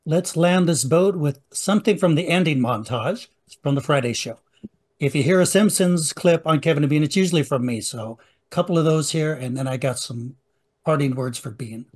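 A man with a slightly raised pitch hosts a podcast in a casual, chatty way. He jokes and teases as he sets up clips. His delivery is loose and conversational. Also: moderate pace. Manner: chatty, joking. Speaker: podcast host. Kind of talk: casual recap chat.

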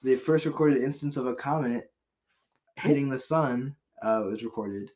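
Co-hosting a laid-back podcast, a man reads out history and date facts in a joking way, swearing and laughing often. His voice is mid-range and darkish, at a moderate pace.

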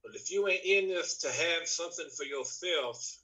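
A man's voice: a little high, normal speed, bright, forceful tone, muffled recording, pitched above the performer's own voice. A man doing a swaggering pro-wrestler voice. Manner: swaggering wrestling-promo drawl. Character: brash loud male pro-wrestler persona.

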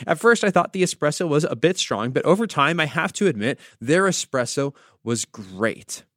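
A man's voice: fairly high pitch, sing-song, moderate pace, fairly bright tone, no echo, studio quality. A man from the United States, a pastor hosting a devotional podcast, teaching through conversational storytelling with wry asides.

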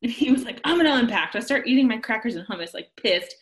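Animated woman telling a story. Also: fairly high pitch, fast. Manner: animated, acts out quotes, laughs often. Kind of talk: casual chat.

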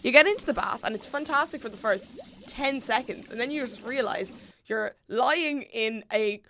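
A woman's voice: a little high, moderate pace, bright, forceful tone, a little hiss or hum. A woman co-hosting a casual podcast, reading out listener questions and laughing often. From Ireland. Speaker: podcast co-host.

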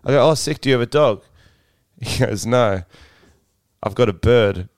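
A man's voice: mid-range voice, measured pace, smooth, dry recording, studio quality. A young Australian man co-hosting a podcast, telling stories in a laid-back way, swearing freely and laughing often. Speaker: podcast co-host. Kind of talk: casual chat.

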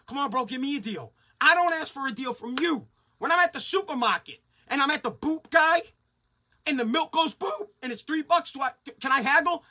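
Guy on a talk show going off, swearing a lot, high bright voice. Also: expressive, brisk. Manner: angry, sarcastic, mocking callers in put-on voices. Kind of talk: profane rant.

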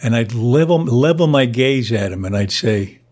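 An older man, a podcast guest, telling a story with lively delivery and frequent laughter. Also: mid-range voice, normal speed. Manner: animated, laughs through his stories. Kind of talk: storytelling anecdote.

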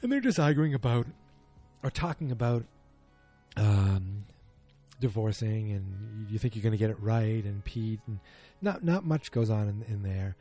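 A man walks through a TV episode in a rambling, opinionated way, with frequent fillers and personal asides. His voice sits low and sounds dark and somewhat husky. Faint music plays behind him. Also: expressive, measured pace. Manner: chatty, opinionated, many fillers. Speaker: TV episode recapper. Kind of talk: casual episode recap.

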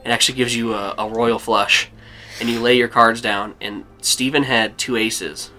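Bright-voiced male game master. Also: medium pitch, steady tone, soft background music. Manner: rambling, halting, with fillers and laughs. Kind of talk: narrating a tabletop game.

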